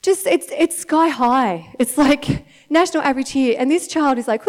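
A woman in her thirties with an Australian accent, giving a chatty, animated sermon to a congregation and often laughing. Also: high-pitched, moderate pace. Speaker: church speaker. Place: church meeting in front of an audience.

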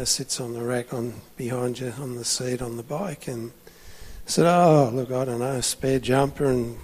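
A man's voice: medium pitch, a little mellow, big-room sound. A man preaching a sermon, telling a story in a chatty way with frequent restarts.

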